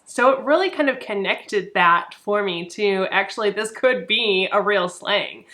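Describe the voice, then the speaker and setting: A young adult woman talking casually and chattily about books in a vlog, animated, with frequent fillers. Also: medium pitch, measured pace. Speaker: book reviewer. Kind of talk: casual book review vlog.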